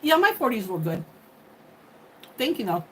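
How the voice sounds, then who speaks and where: A woman's voice: on the high side, sing-song, normal speed, rough recording. A woman in her fifties hosting a casual livestream, chatting and thanking viewers by name. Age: 50s. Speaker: livestream host. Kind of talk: casual live chat with viewers. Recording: faint background noise.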